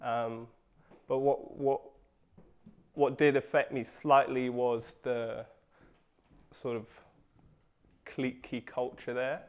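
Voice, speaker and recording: Slow, measured young man. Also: mid-range voice, level tone, a little mellow, clean tone. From England. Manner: measured, thoughtful, hesitant. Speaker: interviewee. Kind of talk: reflective interview.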